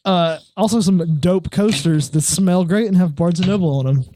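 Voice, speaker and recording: A Southern US man chatting at a tabletop game, quick with jokes. His voice sits high, with a faint hiss in the background. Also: mellow. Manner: jokey, quick to laugh. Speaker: player and co-host. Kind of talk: casual chat at a tabletop game.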